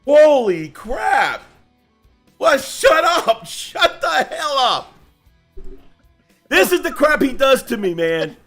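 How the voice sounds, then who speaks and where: A man with a high, lively voice hosts a casual livestream. He talks loudly and laughs often, teasing the others in playful banter. Faint music plays underneath. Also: slow, long pauses. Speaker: host.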